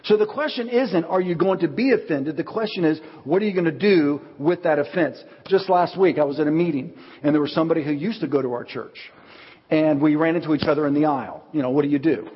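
A man preaching a sermon as pastor, telling stories with lively acted-out quotes. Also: on the high side, fast, breathy edge. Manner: animated storytelling, acts out quotes. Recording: dull audio with long hall reverb.

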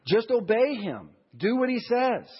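A man's voice: very high-pitched, big pitch swings, unhurried, slightly rough. A man preaching a sermon in a church. He asks the congregation questions and builds to emphatic lines. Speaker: pastor. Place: church sanctuary. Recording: dull audio with long church reverb.

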